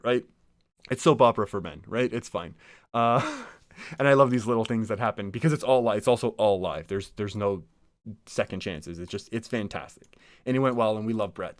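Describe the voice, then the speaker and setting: A man's voice: medium pitch, dry recording. A man hosting his own podcast, talking casually in a chatty, rambling way with many restarts and small laughs. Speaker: podcast host. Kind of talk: casual solo podcast talk.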